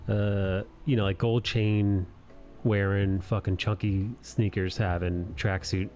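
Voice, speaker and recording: Low-voiced man chatting crudely. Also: level tone, slow, a little mellow, a little hiss or hum. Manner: crude, profane and laughing easily. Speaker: host of an art live stream. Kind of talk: casual chat.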